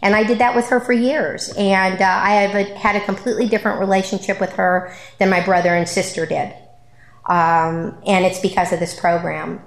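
A middle-aged woman shares her recovery story at a support group in a meeting room, speaking candidly and conversationally with many ums and repeated phrases. Her medium-pitched voice stays steady at a moderate pace, and the sound is reverberant.

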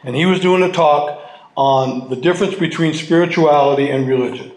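A man sharing his personal story with an audience at a recovery meeting, halting and heartfelt, restarting and repeating his words as he goes. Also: on the high side, a little mellow. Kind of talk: personal testimony to a live audience. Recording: roomy hall sound.

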